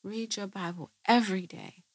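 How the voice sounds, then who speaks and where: A woman host answers viewer questions with earnest religious teaching, frequently posing rhetorical questions and checking in with "right?". Her voice is medium-pitched with fairly even intonation and a breathy edge, at a moderate pace, on a dry recording.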